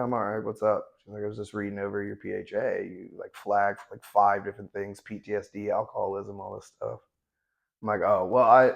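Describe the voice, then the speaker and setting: A man's voice: on the low side, vocal fry. A man in his thirties, a veteran Navy corpsman, telling his story bluntly and matter-of-factly, with frequent restarts. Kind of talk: candid conversational storytelling.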